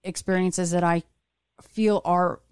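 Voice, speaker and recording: Woman host, lower voice, chatty storyteller, dry sound. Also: steady tone, slow pace, darkish tone, clean tone, dry recording. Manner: chatty, storytelling, many restarts. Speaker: podcast host. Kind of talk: casual interview chat.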